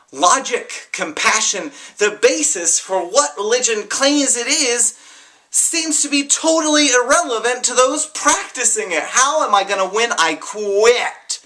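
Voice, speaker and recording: Impassioned bright-voiced personal testimony. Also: medium pitch, expressive, slow pace. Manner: impassioned, swings from quiet to heated, swears. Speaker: vlogger sharing a personal story. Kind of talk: raw personal testimony monologue.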